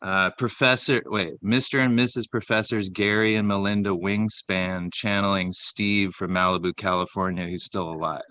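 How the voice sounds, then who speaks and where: Comedy co-host, male, lower voice with bright, crisp tone, dry close mic, deadpan rambler. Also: normal speed, few pauses, no room sound. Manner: rambling, deadpan list reading with many fillers. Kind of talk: casual comedic chat.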